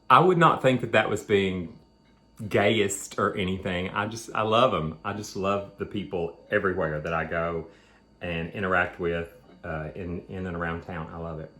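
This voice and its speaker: Man, fairly low voice, rambling casual chat, eating at home. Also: normal speed, bright, forceful tone. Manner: chatty, rambling, talking between bites. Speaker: vlog host.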